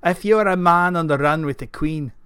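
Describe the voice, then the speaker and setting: A burly Scottish knight with a gruff, clipped delivery, as a storyteller reads him. He speaks in short, practical lines in a dry, close, smooth voice, a touch higher than usual for a man. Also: normal speed, fairly bright tone, no echo, lightly acted. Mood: terse. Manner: terse, says "aye" often.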